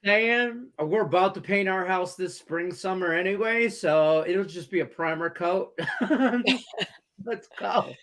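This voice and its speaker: A man's voice: sits high, unhurried, a bit bright. Joking, foul-mouthed co-host man. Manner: casual and joking, swears freely. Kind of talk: casual banter.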